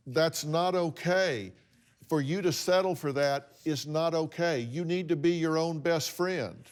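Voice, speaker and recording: A man's voice: on the high side, a little slow, a little mellow. A man hosting a talk show, counseling a guest in a blunt, emphatic, lecturing way. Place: TV studio with audience.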